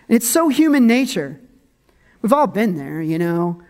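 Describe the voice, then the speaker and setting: Lively, joking preacher mid-sermon. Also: moderate pace. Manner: conversational and humorous, laughs often, dramatic swings in pitch. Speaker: pastor.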